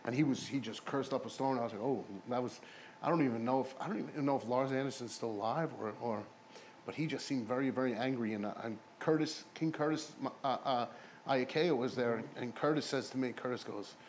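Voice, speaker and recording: A man of middling pitch tells long, rambling wrestling stories in a casual interview, swearing freely. He jumps between people and imitates them along the way. A faint noise sits under the recording. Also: a little fast. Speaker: interview guest, former pro wrestler.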